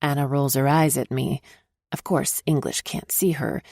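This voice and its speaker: A woman narrating a first-person romance audiobook, expressive when she voices the teacher's lines. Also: rumbling low, moderate pace, creaky, no echo, clean studio sound.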